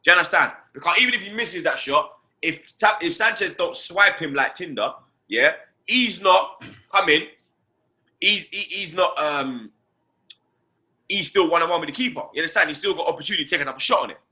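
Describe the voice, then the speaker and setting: A man's voice: fairly high pitch, fairly quick. Brash man ranting about football. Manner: animated, swearing, slangy, with repeated "you understand" and "blood". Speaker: host. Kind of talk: casual football fan rant.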